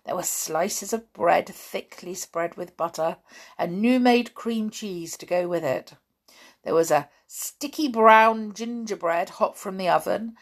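A woman reading a children's book aloud in a steady, expressive storytelling manner. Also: mid-range voice.

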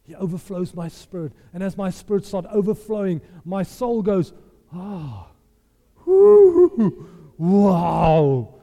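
A man's voice: high voice, steady tone, normal speed, few pauses, dark tone. A man preaching a sermon, emphatic and impassioned, repeating his phrases for effect. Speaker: pastor. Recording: long hall reverb.

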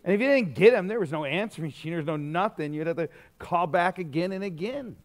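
A middle-aged man preaches in a loose, conversational way, full of asides and restarts. His voice sits a little high and swings widely in pitch as he tells his stories. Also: fast talker. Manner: animated storytelling, conversational with many fillers. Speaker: pastor. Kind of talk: sermon.

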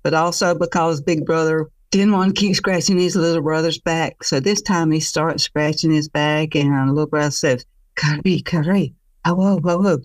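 A woman storyteller telling a traditional tale in an expressive, conversational way, laughing along with it. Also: low voice, moderate pace, few pauses, no room sound, recorded from a distance.

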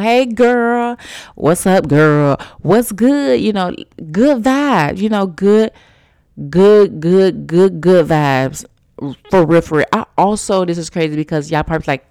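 A woman's voice: on the low side, a little mellow, clear, resonant tone, no room sound, clean studio sound. A woman, rambling casually as a solo podcast host and saying "y'all" a lot. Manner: chatty, rambling, uses "y'all" and "you know"; eating and sipping tea while talking.

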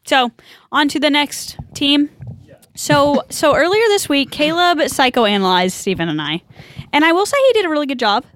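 A woman's voice: high-pitched, lively intonation, moderate pace, fairly bright tone. Bubbly chatty woman podcast host. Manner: bubbly, chatty, many filler likes. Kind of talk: casual chat.

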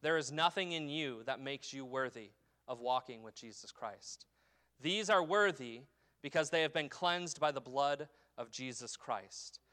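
In this sermon, a pastor with a medium-pitched, sharp-toned voice reads scripture slowly with a descending cadence. He then unpacks it using emphatic upward swings, often tagging on "okay?".

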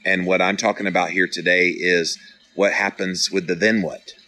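Bright-toned earnest male podcast host. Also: deep voice, little pitch movement, normal speed, poor audio. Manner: earnest, encouraging, playfully dramatic. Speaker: podcast host reading live comments. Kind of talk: casual motivational talk.

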